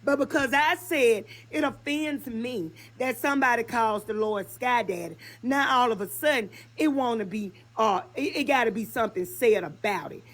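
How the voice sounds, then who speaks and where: Female caller, high voice, angry and on the verge of crying. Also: normal speed, hardly any pauses, fairly bright tone. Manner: upset, insistent, near tears. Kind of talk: heated call-in complaint.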